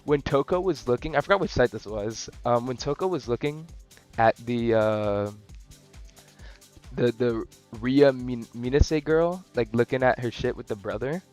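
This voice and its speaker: A young man casually rambling through an anime review, slangy, profane and excitable. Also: mid-range voice, unhurried, soft background music. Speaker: anime vlogger.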